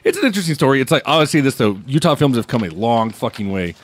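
A man hosts a casual podcast where he reviews films and tells stories in a loose, animated, profane way. He speaks fast in a medium-pitched voice.

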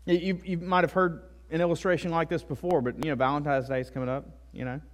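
A man's voice: a little high, little pitch movement, fast talker. A male pastor delivering a sermon in a conversational way, with frequent asides and tag questions. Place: church.

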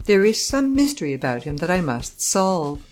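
A woman's voice: fairly low pitch, big pitch swings, a little mellow, faint music behind, voice pushed up. Woman as a solemn, precise detective. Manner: solemn, deliberate testimony. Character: grave, precise male detective.

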